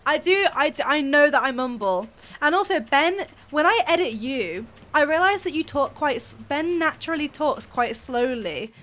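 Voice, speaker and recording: A young woman from near Birmingham with a softened Brummie accent, chatting fast and mumbling as co-commentator over a speedrun. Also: sits high, lively intonation. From English Midlands, near Birmingham. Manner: fast-talking, mumbles, laughs often. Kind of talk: casual chat over gameplay.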